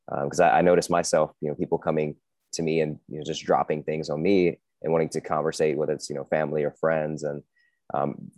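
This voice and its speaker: A man hosting a podcast, his voice extremely deep and his speech quick. He answers his guest in an affirming, thoughtful way with plenty of fillers, and the sound is dry and close. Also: darkish tone, no room sound. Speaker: podcast host. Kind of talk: casual podcast conversation.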